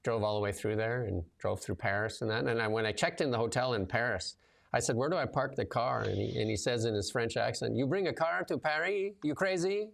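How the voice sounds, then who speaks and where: Gravelly low-voiced man chatting casually. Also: brisk. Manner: loose and chatty, many fillers, lively storytelling. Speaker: show host and commentator. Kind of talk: casual livestream chat.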